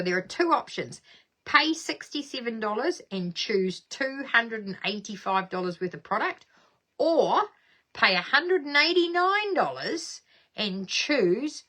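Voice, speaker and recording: A woman's voice: on the high side, pushed and bright. Bubbly New woman on a live stream. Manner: bubbly, chatty, reads viewer comments aloud and laughs often. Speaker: craft demonstrator hosting a live stream. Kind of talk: casual live stream chat.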